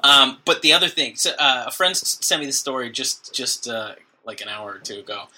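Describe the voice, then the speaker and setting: A man's voice: mid-range voice, animated, a little fast, sharp tone. A man co-hosting a podcast, chatting casually and joking with frequent laughs. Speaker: podcast co-host. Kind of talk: casual chat.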